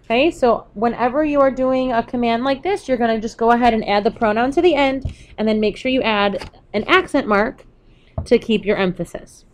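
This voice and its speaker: A woman's voice: a little high, fairly quick. A woman teaching a recorded Spanish lesson to students over slides, explaining patiently step by step with a few fillers along the way.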